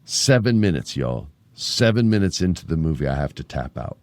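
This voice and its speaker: A man's voice: a bass voice, big pitch swings, moderate pace, darkish tone, dry recording. A man in his forties hosting a podcast, telling a story casually and with animation, with jokes and crude asides. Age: 40s. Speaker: podcast host.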